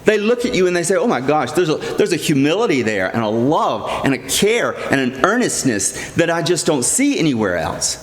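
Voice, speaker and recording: A middle-aged man delivers a sermon with earnest emphasis, leaning on repeated phrases. His voice sits a little high for a man. It rings out through a church with long, roomy reverb. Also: very animated, moderate pace, few pauses. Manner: earnest, emphatic preaching with repetition. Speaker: priest.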